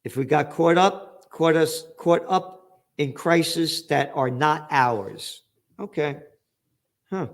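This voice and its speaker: A man's voice: a little high, takes it slowly. Blunt, profane older American man ranting. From United States. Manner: blunt and profane, with sarcastic outbursts. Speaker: host. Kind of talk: opinionated commentary.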